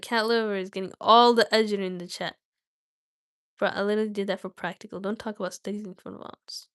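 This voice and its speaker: A woman's voice: mid-range voice, fairly even intonation, fairly quick, a bit bright, no echo, clean studio sound. A young woman reading a book aloud on a live stream, with small slips and restarts, and chatting casually with her viewers.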